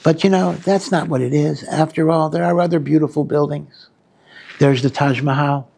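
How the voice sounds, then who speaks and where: A man, a rabbi, teaching a weekly Torah class in an earnest, unhurried way, using many Hebrew terms and leaning hard on his key lines. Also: a little high, steady tone, creaky, warm tone, slightly rough. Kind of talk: Torah lecture.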